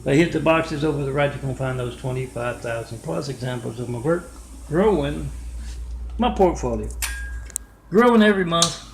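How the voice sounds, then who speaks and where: Man, mid-pitched, gravelly, rambling vlog talk, self-promoting, spells out addresses. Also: lively intonation, moderate pace, a little hiss or hum. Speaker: artist vlogger.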